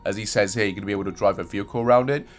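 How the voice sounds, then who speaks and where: A young man with a fairly low voice talks casually through video game news as a channel host. He rambles, corrects himself mid-sentence and slips in sarcasm. Soft music plays faintly underneath. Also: steady tone, racing.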